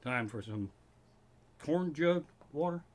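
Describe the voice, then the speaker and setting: A man in his living room doing a stand-up rant on a livestream. His pitch sits fairly high and swings up and down a lot as he rants with plenty of swearing. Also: takes it slowly. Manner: profane, ranting, animated. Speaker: comedian hosting a livestream.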